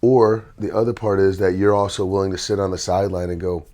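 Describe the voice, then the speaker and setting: A man's voice: lowish voice, level tone, fast talker, few pauses, darkish tone. A man hosting a podcast and working as a basketball trainer, enthusiastic, telling personal stories. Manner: enthusiastic, storytelling. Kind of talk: podcast conversation.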